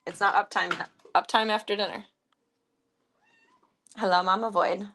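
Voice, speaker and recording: A woman of middle pitch talks casually to her stream from home. She chats in a relaxed, wry way. She slips into cooing baby talk whenever she turns to her pets. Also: a little slow, slight background noise. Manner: chatty and wry. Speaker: live streamer.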